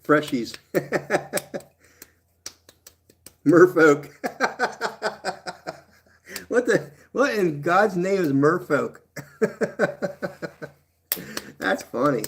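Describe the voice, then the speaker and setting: A man's voice: sits high, sing-song, drawn-out words, pauses often, a bit bright, slight background noise. A man hosting a casual live stream, chatting easily with viewers and laughing often.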